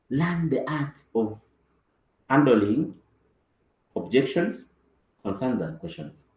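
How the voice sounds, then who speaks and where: A man's voice: mid-range voice, big pitch swings, extremely slow, pauses often, a little mellow, roomy sound, rough recording. A man giving a motivational training talk as a business team trainer, acting out dialogue and repeating words for emphasis.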